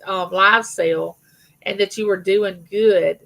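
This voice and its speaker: A woman's voice: mid-range voice, fairly even intonation, unhurried, fairly bright tone, low-quality recording. A middle-aged woman hosting a casual live chat with her viewers, telling rambling personal stories. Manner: chatty, rambling storyteller, greets viewers by name. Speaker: livestream host.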